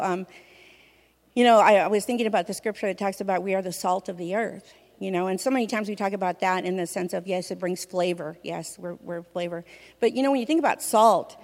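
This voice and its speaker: Woman, church testimony, chatty storytelling, expressive, "you know" fillers, mid-pitched voice, long hall reverb. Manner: fills speech with "you know", vivid and expressive. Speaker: church member sharing a testimony.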